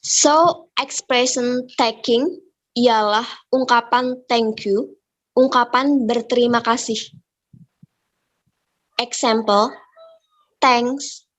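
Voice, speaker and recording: A woman's voice: fairly high pitch, steady tone, slow pace, long pauses. Hesitant Indonesian-accented young woman presenting. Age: young adult. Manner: hesitant, many fillers, mixes English with Indonesian. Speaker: student presenter. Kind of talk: classroom presentation.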